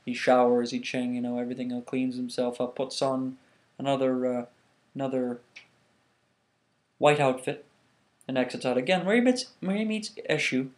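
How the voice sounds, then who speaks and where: A man casually telling a myth to the camera, animated, with frequent restarts. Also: medium pitch, moderate pace, pauses often. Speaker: vlogger. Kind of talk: casual storytelling.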